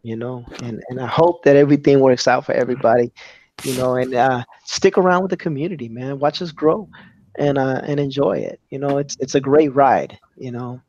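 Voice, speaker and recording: A man hosting a casual livestream panel, relaxed and encouraging, often tagging "man" onto his sentences. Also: mid-range voice, a little fast, highs cut off. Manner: laid-back, encouraging, says "man" a lot. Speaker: host.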